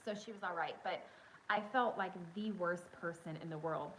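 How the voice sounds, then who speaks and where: A woman's voice: lowish voice, moderate pace, slight background noise, rough recording. Chatty woman streaming from her phone. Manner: chatty, excitable, addresses viewers directly. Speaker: livestream host. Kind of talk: casual storytelling chat.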